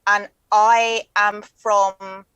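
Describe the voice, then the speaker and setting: A woman, chatting as a comedian guest in a quick, wry, joking way. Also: mid-range voice, flat delivery, fairly bright tone, clear, resonant tone, no echo, poor audio. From England. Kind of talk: casual chat.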